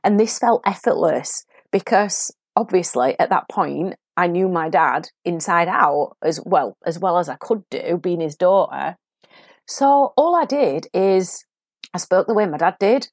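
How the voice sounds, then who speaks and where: A woman with a Sheffield accent talks through a story in a casual podcast style, quick to laugh and animated. Her voice sits a little low. The recording is close and dry, with no room sound. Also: no echo. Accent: Sheffield English. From England. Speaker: acting coach podcast host. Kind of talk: casual solo podcast talk.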